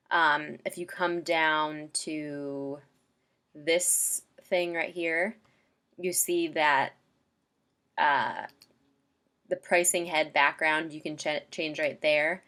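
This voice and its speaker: A woman's voice: sits low, a bit bright. A woman casually walking a client through website templates in a screen-share tutorial, chatty and loose with lots of ums and likes.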